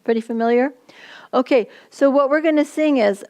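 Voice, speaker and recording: A woman's voice: high-pitched, brisk. Chatty woman teaching a class. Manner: lively, chatty, breaks into song. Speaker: ESL teacher trainer. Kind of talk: workshop teaching with sung chants.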